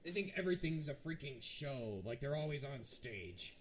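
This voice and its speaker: A man's voice: medium pitch, lively intonation, normal speed, slight background noise, natural voice. Man playing a tired small-town sheriff, blunt, exasperated, plain voice. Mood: gruff. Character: gruff weary male town sheriff.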